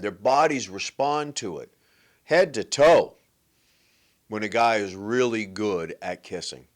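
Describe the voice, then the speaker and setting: A man hosting a relationship advice show, talking playfully and emphatically, joking and repeating his points. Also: lowish voice. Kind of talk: animated monologue to camera.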